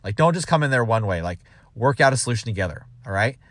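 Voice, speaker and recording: Male sales manager, casual advice talk, rambling delivery with quoted asides, mid pitch, dry recording. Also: lively intonation, quick pace, a bit bright, no room sound. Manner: rambling with restarts, acts out quoted dialogue.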